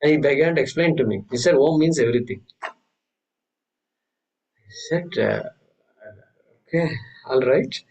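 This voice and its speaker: A man teaching a scripture class, telling stories with many restarts and reciting Sanskrit verses slowly. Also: fairly high pitch, animated, gravelly, darkish tone, breathy edge, poor audio. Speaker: Vedanta teacher. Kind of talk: spiritual class lecture.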